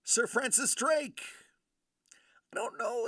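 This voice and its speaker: A man doing casual live-stream commentary while opening collectible cards, joking and reacting loudly. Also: fairly high pitch, sing-song, slow pace, vocal fry, no room sound, studio quality.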